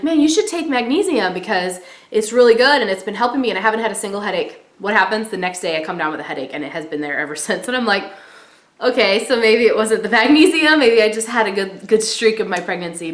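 A woman's voice: medium pitch, fairly bright tone. A young pregnant woman vlogging in a casual, chatty way, full of "like" and "you know.". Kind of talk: casual chat. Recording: echoey room.

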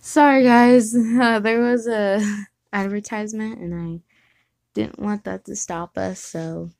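A woman's voice: mid-range voice, steady tone, slow pace, vocal fry, darkish tone, no room sound. A woman casually reading fan fiction aloud, giggling and stopping to correct herself. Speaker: reader.

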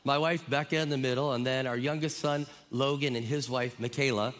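Here a Minnesota guest pastor in middle age preaches a sermon full of enthusiasm and good-natured joking with the audience. He speaks fairly quickly in a steady mid-range voice with a fairly bright tone. Long church-hall reverb fills the large auditorium, and listeners in the congregation are audible.

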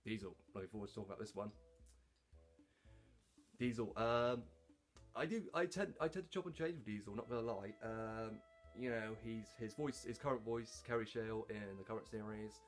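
A man talking casually about his hobby voice work, halting, with lots of fillers and restarts. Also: on the low side, soft background music. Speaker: hobby voice actor. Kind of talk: casual talk to camera.

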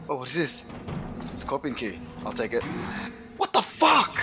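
A man's voice: a little high, huge pitch swings, slow, pauses often, a bit bright, faint music behind. A man playing a horror game and commenting live, swearing constantly and yelping in panic. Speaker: let's play gamer.

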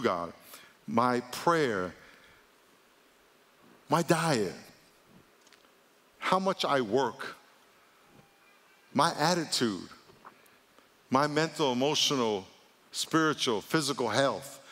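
Male pastor, mid-pitched, animated sermon delivery, long church-hall reverb. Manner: animated preaching, voice jumps high for mock voices. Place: large church auditorium.

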